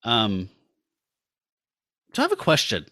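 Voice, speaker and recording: A man's voice: mid-range voice, huge pitch swings, unhurried, bright, forceful tone, no echo, clean studio sound. A man co-hosting a casual comic-book podcast, walking through the panels aloud with chatty asides. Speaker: podcast co-host.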